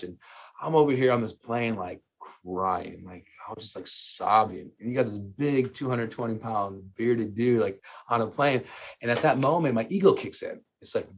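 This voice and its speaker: A man in his thirties, a guest telling a personal story in casual, animated talk, full of fillers and laughter. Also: lowish voice, moderate pace, husky.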